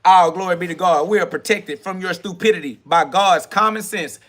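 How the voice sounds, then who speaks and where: A man's voice: sits high, brisk, fairly bright tone. A man hosting a livestream podcast, ranting in a confrontational, profane and preachy way. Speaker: podcast host. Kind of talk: livestream self-talk rant.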